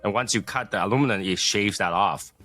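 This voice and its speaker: A man's voice: lowish voice, fairly quick, pushed and bright, faint music behind. A man co-hosting a casual podcast, explaining things patiently and teasing the others. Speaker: podcast co-host. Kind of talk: casual chat.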